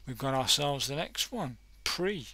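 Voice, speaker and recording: Rambling man thinking aloud, bright voice. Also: mid-range voice, big pitch swings, unhurried, dry recording. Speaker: coding tutorial host. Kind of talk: casual screen-recorded tutorial.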